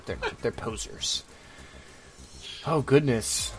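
A man's voice: mid-range voice, sing-song, slow. A man hosting a comedy podcast, chatting casually in a wry, drawling way. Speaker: podcast host. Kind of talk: casual chat. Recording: faint music bed behind.

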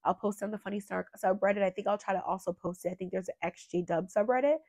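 Nasal from a cold, this young true crime host speaks quickly in a mid-range voice with a darkish tone. She rambles in a heartfelt, filler-heavy way, a casual emotional monologue, and the recording is dry and studio quality.

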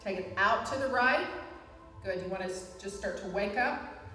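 A woman's voice: normal speed, recorded from a distance, soft background music. Encouraging woman leading chair yoga. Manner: calm, encouraging cues with frequent "good" and "deep breath". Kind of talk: live guided fitness class. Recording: echoey hall, voice from afar.

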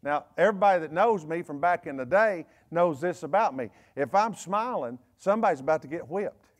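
High-voiced Southern preacher man. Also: lively intonation. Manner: folksy, joking preaching with quick asides and laughs. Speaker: bishop preaching. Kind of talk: sermon. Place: church service.

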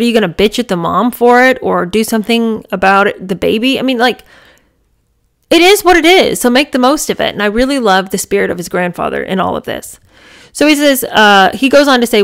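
A woman's voice: medium pitch, creaky. A woman reading a memoir aloud and breaking off into chatty, enthusiastic commentary full of "you know" and "I mean". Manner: chatty, enthusiastic, many fillers. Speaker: book reader and reviewer.

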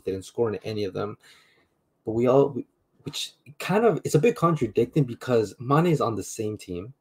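A man's voice: fairly low pitch, warm tone, husky. A man on a football panel, talking in a laid-back casual way with laughs.

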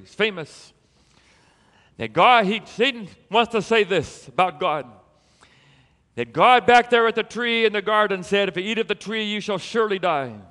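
A man preaching a sermon as a pastor, telling a story in an animated way and building to emphatic peaks. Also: high-pitched, big-room sound.

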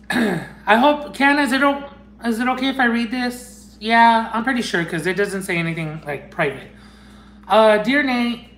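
A man unboxing fan mail in a casual chat, gushing and excitable, bursting into squeals and dropping into Spanish phrases. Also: sits high. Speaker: unboxing vlogger. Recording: echoey room.

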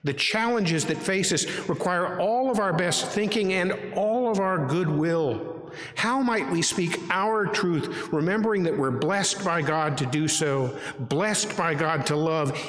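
A man pastor from the preaching a sermon, measured and earnest, posing rhetorical questions. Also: sits high, fairly bright tone. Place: church sanctuary. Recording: echoey sanctuary with long reverb.

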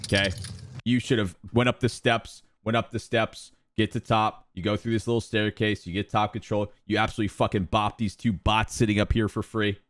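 A young man coaching viewers over gameplay, profane and exasperated, repeating words rapid-fire. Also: on the low side, little pitch movement. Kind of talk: live gameplay coaching commentary.

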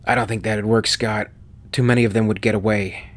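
A man's voice: on the low side, flat delivery, fairly quick, natural voice. A man reading an audiobook voices a weakened, coughing male pilot who speaks in a strained, breathless way. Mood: weak earnest.

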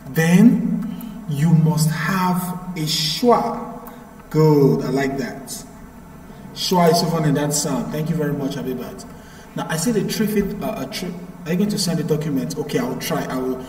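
A man's voice: fairly high pitch, a little mellow. A man teaching English pronunciation to a live class, patient and repeating points to drill them. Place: echoey classroom. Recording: roomy, echoey, from far off.

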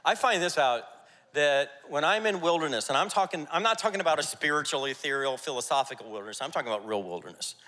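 Bright-voiced pastor preaching in a church. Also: male voice, a little high, quick pace. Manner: energetic, jokey, rallying the congregation. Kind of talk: sermon. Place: church sanctuary. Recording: church hall reverb.

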